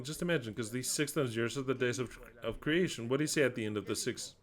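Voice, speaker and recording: A man delivering a sermon in an average-pitched voice. He declaims scripture forcefully, then drops into quiet, explanatory asides. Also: fast talker, few pauses. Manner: emphatic, swings between loud declaiming and quiet asides. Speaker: preacher.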